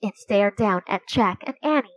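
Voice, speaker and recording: A woman reading a children's story aloud in a slow, clear, gentle storytelling way. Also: mid-range voice, lively intonation, no echo, low-quality recording. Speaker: storybook reader.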